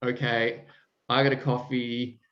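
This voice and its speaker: A podcast host with a mid-range voice keeps a measured pace and little pitch movement while chatting casually with a guest. He's effusive and rambling, full of fillers and restarts, and the room sounds roomy and dull.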